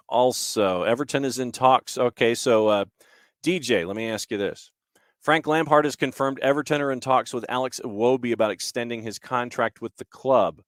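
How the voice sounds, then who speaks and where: A man hosting a podcast, running through soccer transfer news with quick offhand asides and frequent "uh" fillers. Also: lowish voice, no room sound, clean studio sound. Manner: reads headlines with quick asides, many fillers. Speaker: podcast host. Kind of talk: casual sports news roundup.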